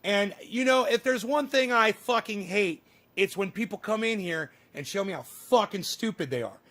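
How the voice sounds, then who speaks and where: Man, high-pitched, profane, combative, ranting livestreamer. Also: normal speed, fairly bright tone. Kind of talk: casual livestream rant.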